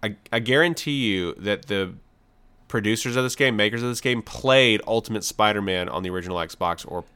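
A man's voice: on the low side, fairly quick, bright, forceful tone, clean tone. Rambling, mock-offended male podcast co-host. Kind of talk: casual chat.

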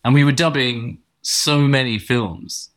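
A man's voice: mid-range voice, a little slow, fairly bright tone. A middle-aged man from England with a posh English accent, telling long, wry anecdotes in a casual chat, full of restarts. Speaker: guest.

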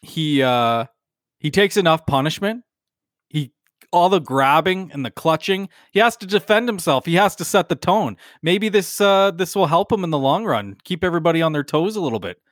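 A man co-hosting a casual sports chat podcast, blunt and excitable. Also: fairly high pitch, moderate pace, no room sound, clean studio sound. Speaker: podcast co-host.

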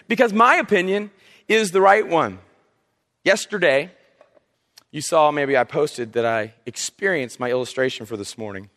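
A pastor from South Carolina, preaching a sermon through animated, humorous storytelling. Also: male voice, a little high. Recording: long reverb of a hall.

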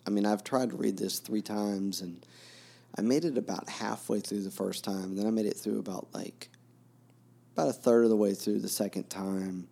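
A man's voice: lowish voice, fairly even intonation, normal speed, vocal fry, dark tone. A man co-hosting a podcast, talking casually about a novel with many restarts and fillers. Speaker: podcast co-host. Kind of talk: casual book discussion.

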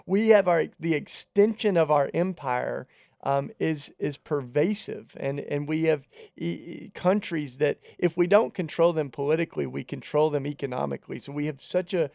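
A man's voice: a little high, moderate pace, creaky, darkish tone, dry recording, studio quality. A man co-hosting a podcast, talking earnestly and conversationally in a casual faith discussion. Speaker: podcast co-host.

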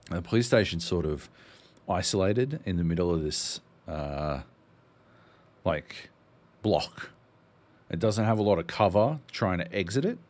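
A deep-voiced Australian man tells a rambling gaming story on a podcast. He talks casually, with plenty of filler words and swearing. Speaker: podcast co-host.

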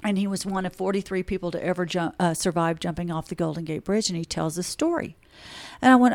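A woman's voice: fairly low pitch, fast. Earnest woman attorney telling stories. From Texas, USA. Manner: earnest storytelling, animated retellings of conversations. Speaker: attorney guest. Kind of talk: podcast interview.

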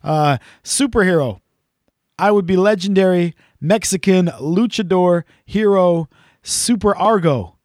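Slightly high-voiced man teasing on a podcast. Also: a little slow, darkish tone, dry recording, studio quality. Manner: teasing, rambling with many fillers. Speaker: podcast co-host. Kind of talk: casual chat reading listener messages.

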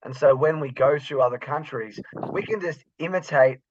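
A man's voice: on the high side, normal speed, dull audio, a little hiss or hum. An Australian man co-hosting a casual podcast over a remote call, joking with sarcastic exaggeration. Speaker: podcast co-host. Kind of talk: casual chat.

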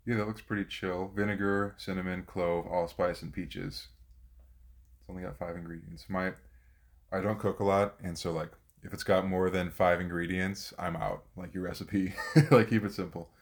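A man with a low, deep voice hosts a casual podcast. He thinks out loud with easy fillers, then reads old verse aloud with more lift. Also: fairly even intonation, normal speed. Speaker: podcast host. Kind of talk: casual chat and poetry reading.

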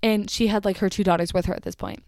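A young woman tells a retail storytime in an exasperated rant, peppered with "like" and casual swearing. Her voice sits at an ordinary middle pitch, recorded close and dry with no room around it. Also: quick pace, darkish tone, no room sound. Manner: exasperated, swears, lots of "like" fillers. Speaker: retail cashier telling a story.

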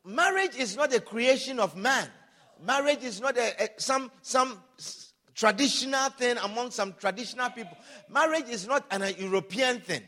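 A man preaching a sermon, emphatic and repetitive, calling out hallelujah and rising to loud, animated passages. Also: very high-pitched, normal speed.

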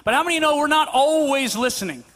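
A man's voice: very high-pitched, expressive, fast, a bit bright. A man preaching a sermon at a church service in a conversational way, repeating his points and restarting his sentences as he acts out stories. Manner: conversational, repetitive, stammering restarts, acts out anecdotes. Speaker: pastor.

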